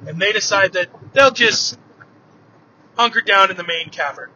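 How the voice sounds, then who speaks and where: A man retelling an old myth aloud in a relaxed, vivid storytelling manner. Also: high-pitched, normal speed. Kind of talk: oral storytelling of myths. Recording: dull lo-fi with faint noise.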